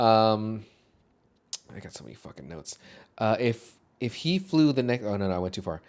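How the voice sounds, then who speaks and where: A man co-hosting a casual movie podcast, talking loosely and profanely, laughing often and dropping to a low mutter over his notes. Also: very animated, normal speed, a little mellow. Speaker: podcast co-host.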